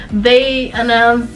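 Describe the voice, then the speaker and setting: This vlogger's pitch is fairly high, captured on a rough recording. She's a young woman from Southern California, chatting casually through a personal story and leaning heavily on filler words.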